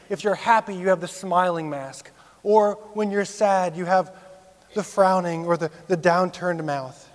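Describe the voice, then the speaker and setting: A man in his thirties delivers a sermon in a fairly high voice. He swings from loud, lifted emphasis down to low, hushed lines. The long echo of a big hall trails after his words. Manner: expressive, rising for emphasis and dropping low for serious points. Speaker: pastor.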